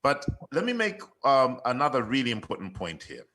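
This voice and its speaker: A man speaking as a panelist, answering thoughtfully with hesitations and often trailing off quietly. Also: medium pitch, wildly swooping pitch, moderate pace, slight background noise, rough recording. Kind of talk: panel discussion.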